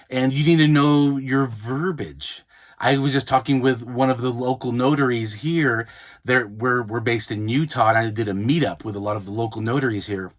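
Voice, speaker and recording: A man hosting an advice podcast, talking casually and often restarting his sentences. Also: mid-range voice. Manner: conversational, frequent restarts and repeated words. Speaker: podcast host, mobile notary. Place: Utah, United States.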